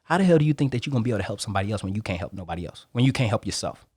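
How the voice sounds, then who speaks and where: A man talks fast as a podcast guest, driving his points home with an emphatic, preaching push. His voice sits a little low and jumps up when he presses a point. The sound is dry and close. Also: lively intonation, slightly rough, no echo. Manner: emphatic, preaching, swings in pitch and loudness. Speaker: podcast guest, motivational speaker. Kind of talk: casual interview talk.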